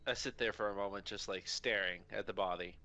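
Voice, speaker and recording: A man player describing his character's actions in a tabletop game, speaking in a halting, hesitant way. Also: lowish voice, steady tone, sharp tone. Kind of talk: in-character role-play narration.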